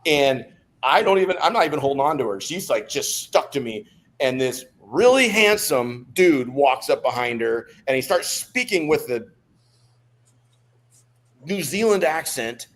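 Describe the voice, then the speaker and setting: A middle-aged man, a podcast guest, telling stories in a lively, joking way with many restarts. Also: medium pitch, unhurried. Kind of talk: casual storytelling.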